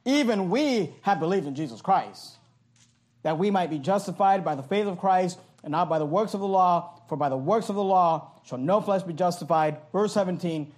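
Guy preaching, pretty high voice, reads old bible verses and breaks them down, emphatic. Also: lively intonation, moderate pace, a little mellow. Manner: emphatic, reads King James verses aloud and explains them. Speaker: pastor. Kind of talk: sermon.

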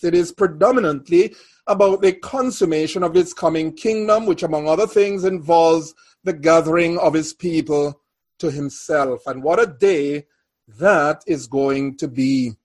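A man preaching a sermon, reading scripture aloud and then expounding on it in a measured, deliberate way. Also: fairly high pitch. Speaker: pastor.

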